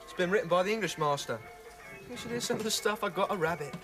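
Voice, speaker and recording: A cheeky, quick-talking schoolboy. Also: male voice, sits high, lively intonation, music in the background. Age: teenage. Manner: cheeky and wisecracking.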